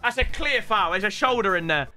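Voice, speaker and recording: A man giving excitable, swear-laden reaction commentary to his viewers. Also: high voice, fairly quick, loud music behind the voice. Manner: excitable, swears, keeps addressing viewers as lads. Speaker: gaming YouTuber reacting to match footage.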